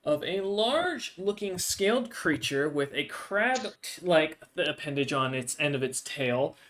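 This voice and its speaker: A man's voice: a little high, very animated, a little slow, a bit bright. A man running a tabletop game as game master, narrating loosely with many fillers and restarts.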